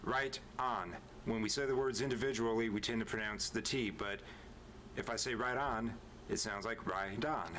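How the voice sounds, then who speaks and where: A man's voice: on the low side, steady tone, fairly quick, a bit bright, a little hiss or hum. A man patiently explaining and demonstrating how English words are pronounced. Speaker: pronunciation teacher. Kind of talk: explaining pronunciation.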